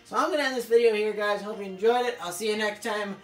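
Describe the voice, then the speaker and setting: A woman commentating her own video game play, excitable, swearing and yelling at the screen. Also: medium pitch, fast talker, soft background music. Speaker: gaming video creator. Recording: echoey room, off-mic, faint hiss.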